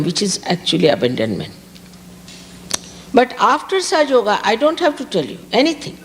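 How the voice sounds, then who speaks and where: A woman from India with an Indian accent, giving a public spiritual talk and repeating key words for emphasis. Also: mid-range voice. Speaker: spiritual teacher. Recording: reverberant hall, faint background hiss.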